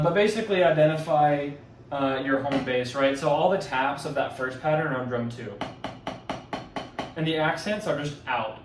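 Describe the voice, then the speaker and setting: Talking casually with fillers and self-corrections, a man goes over drumline audition exercises as an instructor. He has a medium-pitched voice, captured from a distance in an echoey room with slight hiss or hum.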